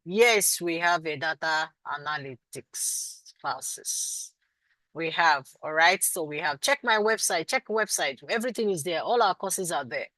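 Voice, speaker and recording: A woman's voice: deep voice, moderate pace, pushed and bright, dry recording, poor audio. A Nigerian woman teaching a live online class and answering students, affectionate with them but firm about doing the work. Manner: affectionate, calls students sweetie and my love. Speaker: instructor.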